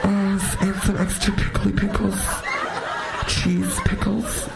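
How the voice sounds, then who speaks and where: A man's voice: high-pitched, completely flat delivery, slow, vocal fry, echoey room, over a noisy crowd, heavy background noise, heavily acted. Man doing a mumbling confused drive-thru lady. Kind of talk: stand-up comedy impression. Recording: live stand-up with loud audience.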